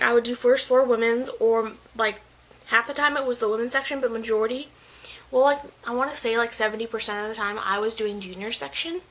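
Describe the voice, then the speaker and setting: A woman's voice: fairly high pitch, fairly bright tone, low-quality recording. A young woman vlogger telling a casual story, chatty and full of "like" fillers. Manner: chatty, filler-heavy, says "like" constantly.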